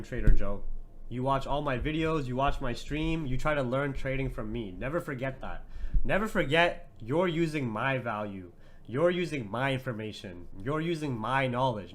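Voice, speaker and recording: A man's voice: mid-range voice, animated, normal speed, fairly bright tone. A young man hosting a trading livestream, talking to his chat in a brash, profane, mocking way and laughing often.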